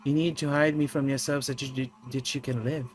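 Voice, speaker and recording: A man voicing a haunting dead woman who softly accuses her former lover, read from a game. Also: medium pitch, level tone, brisk, a little hiss or hum, lightly acted, rough recording. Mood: hushed accusing.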